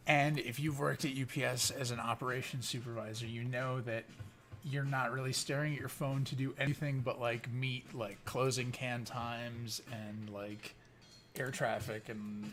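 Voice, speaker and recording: A middle-aged man at an average pitch, talking loosely to his viewers in casual storytelling commentary. He rambles, drops curse words freely and often backs up to restart his sentences. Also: a bit bright. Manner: rambling, profane, many restarts. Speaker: YouTube commentator.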